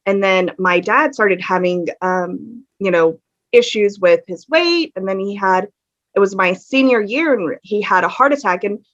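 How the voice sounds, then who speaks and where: A woman guesting on a podcast tells her story candidly and earnestly, filling it with ums, in a casual interview style. Her voice is mid-range and fairly bright. She's in a room at home with a fan running, and the audio is dull and lo-fi.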